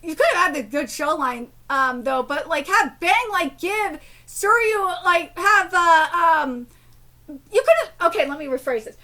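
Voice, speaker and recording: A very high-pitched woman in her thirties streams her live reaction to a manga chapter, ranting angrily and profanely. Her tone is sharp and her pace measured, but her commentary rambles with many fillers and restarts.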